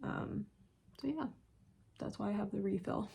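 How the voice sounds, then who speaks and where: A young woman vlogging a casual makeup tutorial with a sore throat and a slightly rough voice, chatty and full of fillers. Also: mid-range voice, mellow. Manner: chatty, filler-heavy, slow. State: sore throat, still sick. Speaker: beauty vlogger.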